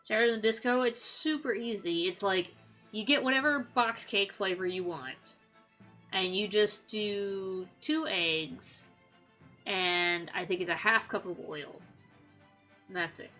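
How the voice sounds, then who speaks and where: A woman's voice: medium pitch, unhurried, pushed and bright, soft background music. A woman streamer chatting casually while gaming, rambling with many likes and ums. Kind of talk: casual gameplay chat.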